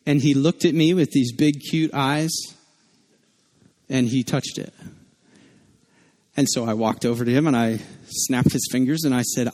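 A man's voice: medium pitch, normal speed, long pauses, a little mellow. A man preaching a sermon as a pastor, earnest and conversational, weaving personal stories into his teaching.

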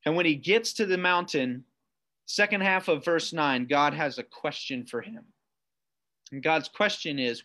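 A preacher delivering a sermon straight to viewers at home, with a fairly high voice. He reads scripture aloud and slows right down on the words he wants to land. He keeps turning questions back on the listener. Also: pushed and bright. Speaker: pastor.

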